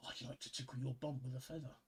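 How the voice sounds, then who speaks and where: A man voicing a posh, cheeky city gentleman in a pub, ordering in a prim, polite way. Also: medium pitch, steady tone, fast talker, husky, voice pushed down.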